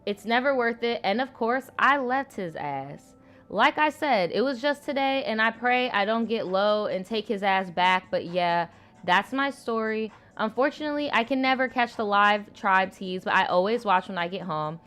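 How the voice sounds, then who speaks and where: A woman's voice: mid-range voice, animated, normal speed, a bit bright, faint music behind. A woman in her twenties reading viewer stories aloud and reacting to them in a blunt, profane, slangy way. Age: 20s. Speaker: host.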